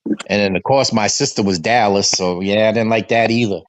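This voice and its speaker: A man in his fifties from the Boston area, hosting a fan livestream and telling stories from his childhood in a lively, animated way. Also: on the low side, brisk, dry recording. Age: 50s. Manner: animated storyteller who acts out his father's voice. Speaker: fan podcast host. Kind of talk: casual storytelling chat. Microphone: remote stream call.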